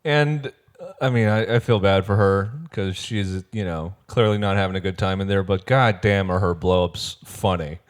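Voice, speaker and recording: A man co-hosting a casual podcast, swearing freely and acting out quotes in high put-on voices. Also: moderate pace. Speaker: podcast co-host. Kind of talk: casual chat recapping a reality show.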